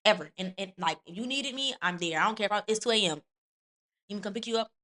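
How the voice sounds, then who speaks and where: A woman hosting a podcast and serving as an Army NCO, talking bluntly with lots of profanity in a candid, animated chat. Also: mid-range voice, fast talker.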